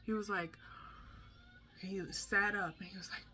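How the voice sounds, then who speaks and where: A woman's voice: mid-range voice, unhurried, slight background noise. A young woman telling a candid storytime about her son's hospital stay, talking chattily and acting out the people she quotes. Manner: chatty, animated, acts out quotes.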